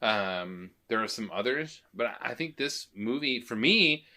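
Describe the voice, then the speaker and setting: Man in his thirties, podcast co-host, bright forceful voice, opinionated casual movie chat. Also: medium pitch, unhurried. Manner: opinionated, animated rants.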